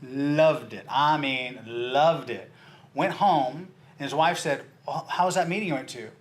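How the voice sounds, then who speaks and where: A man giving a sales training talk, telling a story and acting out its characters' lines with lively shifts in his voice. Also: a little high, moderate pace. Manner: animated storyteller, acts out dialogue with big jumps in voice.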